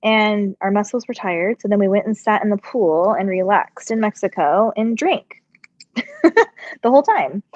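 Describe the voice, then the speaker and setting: A woman's voice: mid-range voice, very animated, measured pace. A middle-aged woman chatting casually on a live stream while she sews, answering viewer questions, her voice a little congested and muffled. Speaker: sewing channel host.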